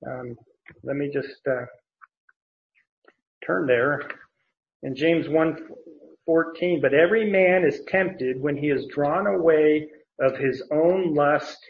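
A man teaching scripture in an unhurried, measured way, his voice sitting a little high for a man. He works through the text with many pauses and "uh"s. The sound is slightly dull and muffled. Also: a little hiss or hum. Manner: slow and deliberate, with frequent fillers and restarts. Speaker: Bible teacher. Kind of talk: verse-by-verse Bible teaching.

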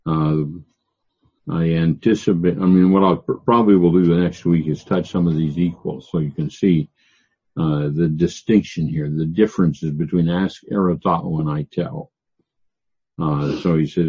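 An older man teaches scripture verse by verse in a deep, husky voice. He halts often with fillers and slows down to read each quotation. The recording is dull and lo-fi. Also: mellow. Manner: halting, many "uh" fillers, reads scripture slowly. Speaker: Bible teacher.

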